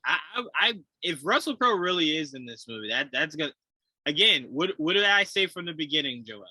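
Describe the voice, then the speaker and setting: A man co-hosting a casual movie chat, animated, swearing and acting out quotes with laughter. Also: fairly high pitch, brisk, no room sound, rough recording. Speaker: podcast co-host.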